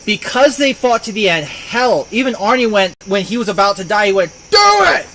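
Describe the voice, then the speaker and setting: A man's voice: sits high, a little fast, fairly bright tone, slight background noise, rough recording. A man talking casually as a player in a tabletop game, rambling into enthusiastic tangents.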